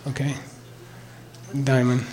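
In a mid-range, darkish voice with a completely flat delivery, an older man teaches a mantra's sounds and meaning. Slow and deliberate, he spells out and repeats words, checking with "okay?" after each point.

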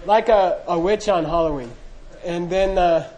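A man's voice: high-pitched, a little slow, a little mellow, low-quality recording. A man telling a teaching story in a chatty, casual way, full of asides and small laughs. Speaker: dharma teacher. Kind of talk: storytelling talk.

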